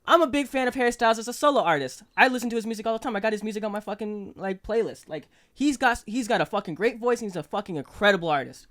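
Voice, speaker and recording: A man's voice: high-pitched, lively intonation, fast talker, hardly any pauses, a bit bright. A young man co-hosting a casual podcast chat, swearing constantly and rambling with emphasis. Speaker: podcast co-host.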